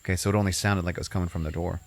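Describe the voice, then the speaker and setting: Man, podcast host, lowish voice, casual movie recap, rambling, profane, filler-heavy. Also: steady tone, rapid-fire, dry recording.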